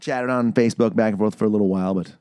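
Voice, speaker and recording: A man's voice: on the low side, steady tone, racing, mellow, smooth, no room sound, studio quality. A young man co-hosting a casual podcast, rambling through stories, swearing freely and breaking into joke song parodies. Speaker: podcast co-host.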